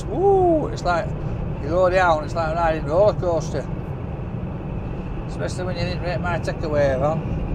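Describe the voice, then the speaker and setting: A Yorkshire man hosting a food vlog, chatting and joking to the camera as he drives. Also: fairly high pitch. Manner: jokey, chatty, talks to the camera. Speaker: food vlogger host. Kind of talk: casual vlog chat while driving. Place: inside a car on country roads. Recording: road noise from a moving car.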